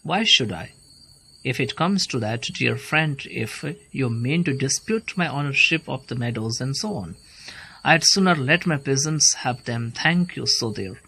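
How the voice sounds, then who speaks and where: A man's voice: medium pitch, expressive, measured pace, sharp tone, slight background noise, rough recording. A man reading aloud as a blustering, condescending older landowner. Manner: patronizing, blustering. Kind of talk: play read aloud.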